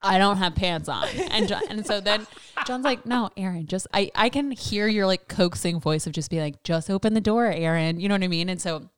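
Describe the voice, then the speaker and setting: A young woman in casual chat, telling animated stories and acting out quotes with lots of laughter. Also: medium pitch, moderate pace, clear, resonant tone, dry recording. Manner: animated storyteller who acts out quotes, laughs often.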